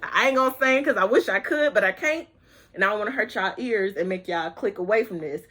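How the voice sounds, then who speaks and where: A woman giving a casual, chatty movie review to her viewers, sassy and expressive, stretching words and calling people honey and child. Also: medium pitch, noisy background. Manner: sassy and expressive, drawn-out words, breaks into snatches of song; talks straight to viewers with terms like honey and child. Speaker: YouTube vlogger reviewing a movie.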